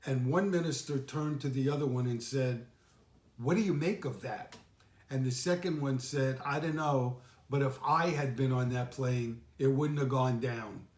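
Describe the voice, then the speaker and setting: A man giving a sermon as senior minister, telling stories gently and unhurriedly with reflective pauses. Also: medium pitch. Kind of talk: sermon with storytelling. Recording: echoey room.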